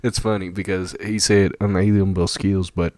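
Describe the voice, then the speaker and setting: Brief: low-voiced man in a dry, close recording, casual reaction talk full of fillers and laughs. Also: flat delivery, normal speed, darkish tone, no echo. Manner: rambling, many fillers, laughs often. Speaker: video reactor.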